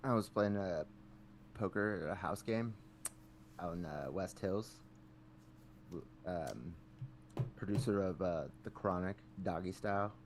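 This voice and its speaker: A man co-hosting a podcast, talking in a laid-back, halting way full of "like". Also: deep voice, a little hiss or hum. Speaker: podcast co-host. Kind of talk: casual podcast chat.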